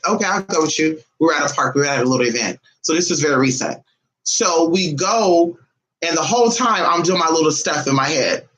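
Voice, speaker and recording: Animated woman telling a blunt story. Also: poor audio. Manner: animated, blunt and profane, acts out others' lines with big pitch jumps. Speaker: spiritualist vlogger. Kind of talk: casual storytime monologue.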